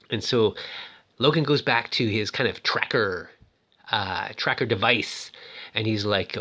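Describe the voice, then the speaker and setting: A man's voice: fairly low pitch, takes it slowly, long pauses, sharp tone. A man casually recapping a film, rambling and chatty, and acting out the characters' lines as he goes. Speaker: movie recap host.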